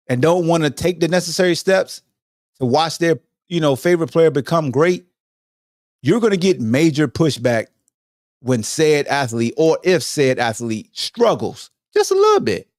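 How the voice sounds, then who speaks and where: A man's voice: a little high, dry recording, studio quality. A man hosting his own podcast in casual solo commentary, slangy and emphatic, often mocking his listeners. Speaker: podcast host.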